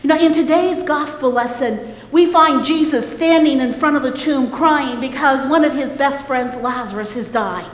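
A woman's voice: high voice, moderate pace, few pauses. A woman preaching a sermon, speaking emphatically and calling on the congregation to respond. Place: church sanctuary. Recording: echoey church hall.

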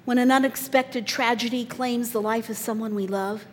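A woman preaching a sermon, telling the story dramatically, her voice swelling loud and dropping soft. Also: fairly high pitch, steady tone, normal speed, breathy edge. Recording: long reverb in a large hall.

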